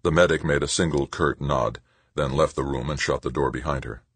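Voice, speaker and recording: A man narrating an audiobook with expressive storytelling. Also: rumbling low, brisk, husky, no room sound. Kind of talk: scripted narration.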